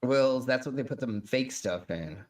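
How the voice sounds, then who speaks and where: A man's voice: medium pitch, animated, normal speed, far from the mic. Man, stream host, casual profane chat, loose and joking. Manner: loose, joking, swears freely.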